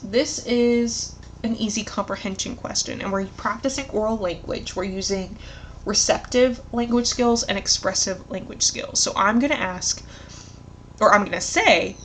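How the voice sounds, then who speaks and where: A woman tutor explaining a literacy lesson in an encouraging way, asking leading questions and modeling words slowly. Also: medium pitch, a bit bright, slight background noise. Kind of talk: instructional tutorial.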